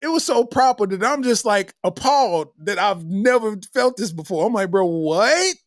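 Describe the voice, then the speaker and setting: A man's voice: high-pitched, moderate pace, no room sound, clean studio sound. A middle-aged man hosting a comedy podcast, telling stories in a loose, slangy way and breaking into laughter between lines.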